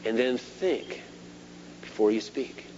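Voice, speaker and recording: A middle-aged man preaching a sermon, animated, swinging between loud emphasis and quiet asides. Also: mid-range voice, slow pace. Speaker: pastor. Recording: dull lo-fi sermon tape with faint hum.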